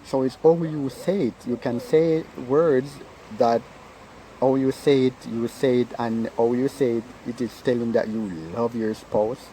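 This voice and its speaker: A man gives informal marriage advice, talking earnestly, repeating himself and constantly checking in with "right?". His mid-range voice is steady, mellow and a little slow, on poor audio with a little hiss or hum.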